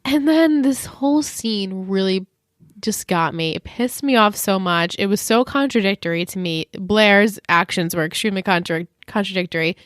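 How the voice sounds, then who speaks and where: A woman co-hosting a podcast, retelling a TV episode in animated, chatty, laughing storytelling. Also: medium pitch, normal speed, dry recording, clean studio sound. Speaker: podcast co-host. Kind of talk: casual recap chat.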